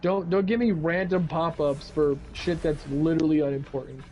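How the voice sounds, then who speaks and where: Animated young man ranting over gameplay. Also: normal speed, slight background noise. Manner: animated, swears freely, quotes himself in sudden high outbursts. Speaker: co-host of a gaming video. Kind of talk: casual gaming chat.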